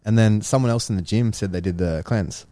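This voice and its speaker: Deep, dark-voiced man. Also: dry recording. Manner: storytelling, swears freely, quick asides. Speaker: podcast co-host. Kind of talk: casual chat.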